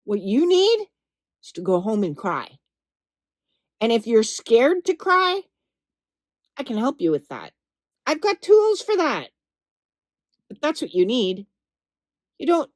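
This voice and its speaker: A woman's voice: sits high, dry recording. A woman speaking as a spiritual healing coach, blunt and emphatic, swearing freely and stretching words for stress, then turning soothing and reassuring. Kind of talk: impassioned direct-to-camera talk.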